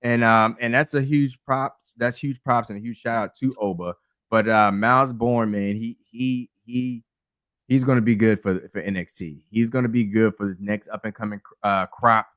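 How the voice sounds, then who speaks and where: A man co-hosting a wrestling review podcast, relaxed and chuckling, talking through matches with lots of fillers. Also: fairly low pitch, dry recording, clean studio sound. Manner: relaxed, laughing, halting with fillers. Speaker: podcast co-host. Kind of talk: casual wrestling review chat.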